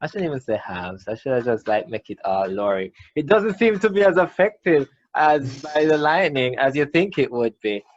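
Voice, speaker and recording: A man's voice: mid-range voice, very animated, normal speed, hardly any pauses, dull audio. A man with a Jamaican accent, the game master, explaining rules and describing outcomes. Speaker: dungeon master. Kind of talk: running a tabletop game.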